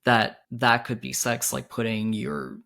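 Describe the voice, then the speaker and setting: A man hosting a podcast, telling a personal story in a candid, halting way with many restarts, his voice jumping higher when he quotes his own panic. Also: flat delivery, creaky, very noisy. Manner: quoted lines rise much higher and louder when he relives panic. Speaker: podcast host.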